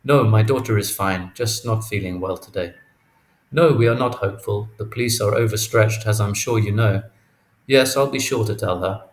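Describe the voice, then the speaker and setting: A man's voice: lowish voice, normal speed, close to an everyday voice. A man reading a weary, guarded father, terse and wryly polite. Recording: echoey room, faint noise.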